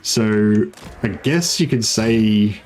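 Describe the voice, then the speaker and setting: A man's voice: fairly low pitch, extremely slow, a little mellow. A man streaming a strategy game, chatting in a rambling way and greeting viewers. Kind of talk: casual livestream commentary.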